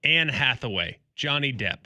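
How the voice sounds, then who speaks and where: A man's voice: medium pitch, lively intonation, normal speed, sharp tone, no room sound, studio quality. A man co-hosting a morning sports radio show, bantering casually and arguing with mock seriousness. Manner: joking, argues with mock seriousness. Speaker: radio sports talk co-host.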